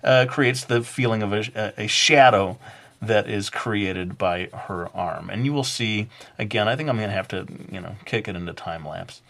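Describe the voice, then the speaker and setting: Man, drawing teacher, low voice, casual halting narration, playful asides. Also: vocal fry, fairly bright tone. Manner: hesitant, lots of fillers, self-joking.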